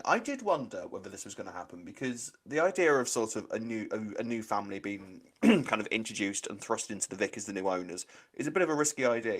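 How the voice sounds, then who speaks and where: A British man co-hosting a podcast, chatting and teasing with enthusiasm. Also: on the low side. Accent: British English. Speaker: podcast co-host. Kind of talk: casual chat.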